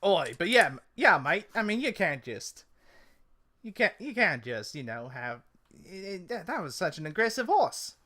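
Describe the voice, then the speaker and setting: A man voicing a rough cowboy stable hand in a mock Cockney-Australian twang, blustering and gruff. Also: sits high, sing-song, normal speed, pushed and bright, heavily acted. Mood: indignant.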